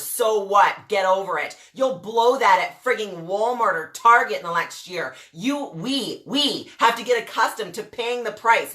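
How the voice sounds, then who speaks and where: Blunt, bright-voiced motivational woman. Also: medium pitch. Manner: blunt, mouthy, repeats "guess what?". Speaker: network marketing coach. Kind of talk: motivational rant to camera.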